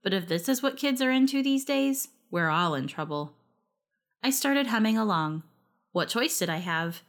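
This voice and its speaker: A woman narrating a first-person story in a wry, lively storytelling manner. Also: mid-range voice, moderate pace.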